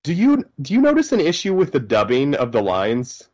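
A man's voice: a little high, wildly swooping pitch, moderate pace, a little mellow, highs cut off. A man co-hosting a movie riff commentary, playful and joking.

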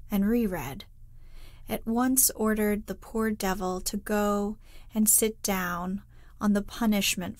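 Slow, hushed woman reading a sleep story. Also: mid-range voice, dry recording, studio quality. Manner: soft, hushed, drifting into whispers. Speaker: bedtime story reader.

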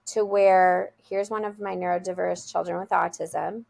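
Brief: woman school leader guest, lowish gravelly voice, earnest and heartfelt storyteller. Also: steady tone, moderate pace, darkish tone. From USA. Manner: earnest, heartfelt anecdote-telling. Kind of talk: conversational interview storytelling.

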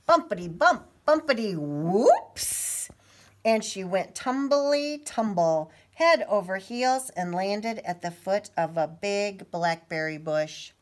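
A woman teacher reading a picture book aloud to children, expressive and pausing to ask the listeners questions. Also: lowish voice.

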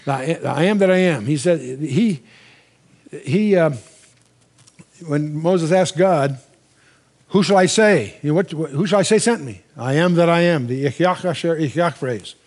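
An older man giving a Bible lecture in a conversational way, reading scripture slowly with emphasis and asking his listeners questions. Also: a little high, a little mellow. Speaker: Bible teacher.

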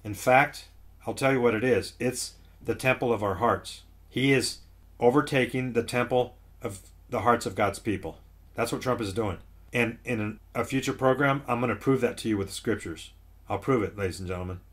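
A man's voice: mid-range voice, moderate pace, a bit bright, slightly rough. A man preaching to an online audience as host of his ministry, urgent and insistent, repeating phrases and calling listeners "folks". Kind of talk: preaching to camera.

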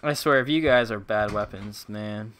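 A man streaming a game live, chatting casually with viewers and teammates, excitable and humming along. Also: fairly low pitch, normal speed, music in the background. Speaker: gaming streamer.

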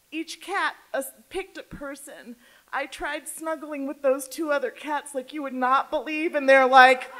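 High-voiced woman telling a raw story. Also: low-quality recording. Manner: candid, swings between hushed and loud emotional delivery. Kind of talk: live personal storytelling. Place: theater stage before an audience.

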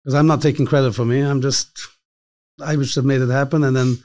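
Fast-talking eager man. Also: medium pitch, fairly even intonation, a little mellow, dry recording. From Montreal, Canada. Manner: eager, rushes ahead in loose phrases. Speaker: interview guest, bereaved father. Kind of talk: conversational storytelling.

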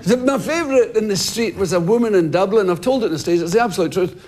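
A comedian in his fifties with a high-sitting voice tells stories fast and lively in a TV interview, bursting into loud, shouted impressions of people in the street. The TV studio recording carries some noise and audience laughter.

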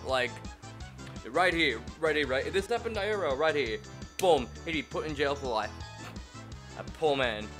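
A man playing a game aloud, reading its first-person narration and breaking off into loud, profane jokes and rants. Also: mid-range voice. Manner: profane, loud joking outbursts. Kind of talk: let's-play commentary and first-person narration.

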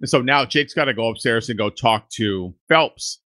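A man co-hosting a podcast casually recaps a TV episode in a mid-range voice at normal speed, with no room sound. He's an animated storyteller who acts out the characters' lines and laughs often.

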